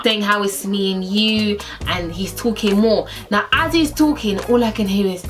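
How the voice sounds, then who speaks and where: A woman's voice: normal speed, faint music behind. A young woman, casually telling a personal story and acting out the quotes with big swings in her voice. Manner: animated, acts out quotes with big pitch swings. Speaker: storyteller vlogger.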